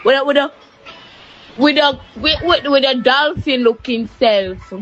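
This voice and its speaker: A Jamaican woman delivers a heated, scolding rant full of insults. Her voice is a little high. It comes through as a dull, lo-fi voice-note recording. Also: unhurried, a bit bright, soft background music. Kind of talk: ranting voice note.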